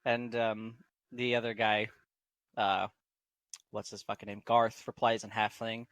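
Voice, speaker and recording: A man's voice: on the low side, level tone, a little slow, fairly bright tone, no echo. A man running a tabletop game as game master, narrating casually with lots of fillers.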